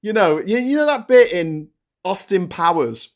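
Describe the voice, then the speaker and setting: A man's voice: high voice, animated, moderate pace. A man co-hosting a live political podcast, ranting passionately and swearing freely. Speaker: co-host.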